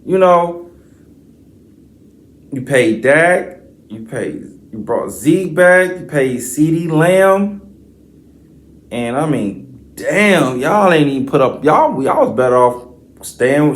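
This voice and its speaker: A man's voice: a little high, slow pace, pauses often. A man hosting a sports podcast, reading stats and then ranting with profane, slangy trash talk. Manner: reads stat lines in a flat list. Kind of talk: sports commentary rant.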